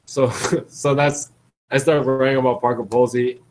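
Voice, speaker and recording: A man talks in a loose, rambling monologue for his blog, his voice sitting at an ordinary mid pitch. He circles back, repeats words and restarts phrases, with little chuckles dropped between them. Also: flat delivery, measured pace, darkish tone, low-quality recording. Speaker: blogger.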